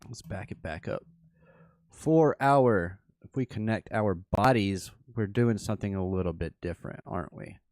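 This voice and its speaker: In a fairly low, slightly mellow voice recorded cleanly in a studio with no echo, a man hosts a trading workshop and walks through a livestreamed chart. He takes his time, thinking aloud, restarting sentences, and correcting himself as he goes.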